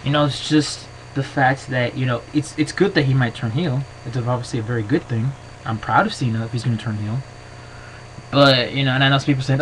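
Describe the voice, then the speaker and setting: A man giving his opinions in a casual vlog to his camera. He rambles excitably and fills his talk with "you know". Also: mid-range voice, brisk, a little hiss or hum, rough recording. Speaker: wrestling vlogger. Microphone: built-in camera mic.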